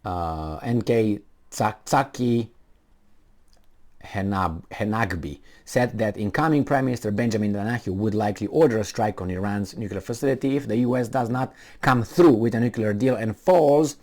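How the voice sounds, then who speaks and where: A man with a fairly low, darkish voice reads a news story aloud at a moderate pace, adding casual, sarcastic commentary. He rambles, using lots of fillers and restarting his sentences.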